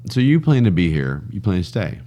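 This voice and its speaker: A man's voice: low voice, sing-song, a little fast, warm tone. A man hosting a podcast, joking around loosely and swearing in casual chat. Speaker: podcast host. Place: Texas.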